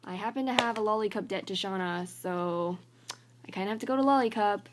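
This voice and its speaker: A young college-age woman rants to her phone camera in a casual vlog, and her voice sits at an ordinary middle pitch. She rambles and stacks "like" into nearly every phrase, sounding fed up and exasperated. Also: a little fast, noisy background. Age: young adult. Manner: rambling, filler-heavy, says "like" constantly; annoyed and exasperated. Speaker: college student vlogger.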